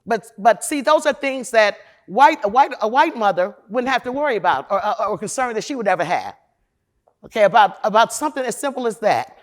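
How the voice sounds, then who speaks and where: A woman from Chicago, a defense lawyer, giving a candid, profane conference talk in a loud, emphatic, opinionated way, speaking straight to the audience. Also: fairly high pitch, lively intonation, brisk. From Chicago, USA.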